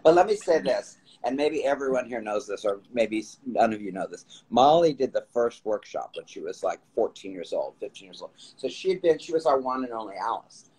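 A man's voice: mid-range voice, lively intonation, a little fast, hardly any pauses, husky, low-quality recording. A man hosting a casual phone live stream, telling rambling stories with many restarts. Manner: warm storytelling, rambling with restarts. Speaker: writer and host of the stream.

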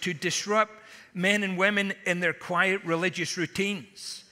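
A Scottish man preaches a conference sermon in a large hall, full of humorous stories and punchy asides. His voice sits high with a sharp tone, and long hall reverb surrounds it.

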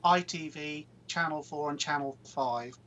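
Panelist: man with a rural Suffolk accent, relaxed and friendly, faint noise in the background. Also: a little high, unhurried. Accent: Suffolk English. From Suffolk, England. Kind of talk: casual panel chat.

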